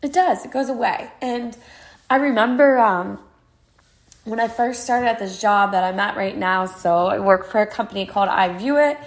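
A woman's voice: mid-range voice, moderate pace. A woman in her twenties hosting a podcast, talking through her feelings in a candid, heartfelt monologue full of "like" fillers. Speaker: podcast host. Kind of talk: casual personal monologue.

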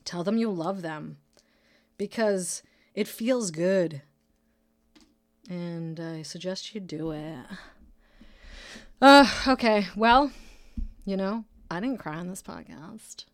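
A woman's voice: lowish voice, slow, long pauses, dry recording. A woman from Massachusetts, around her thirties, hosting a casual solo podcast and rambling with jokes and profanity. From Brockton, Massachusetts, USA. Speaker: podcast host; nurse.

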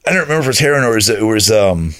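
A man's voice: fairly low pitch, lively intonation, very fast, fairly bright tone. A man in his thirties, a podcast guest, telling his life story in a conversational way and acting out what his friends said.

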